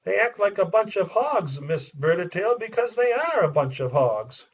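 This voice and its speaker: A man's voice: sits high, very animated, normal speed, slightly rough, heavily acted. A man reading the part of a wise, kindly old man, speaking steadily and reassuringly. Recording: distant, dull lo-fi recording.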